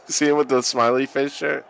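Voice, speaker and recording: Crude jokes and frequent laughter fill this man's casual watch-along commentary as he co-hosts a podcast about a wrestling match. His voice is medium in pitch, creaky, and a bit bright.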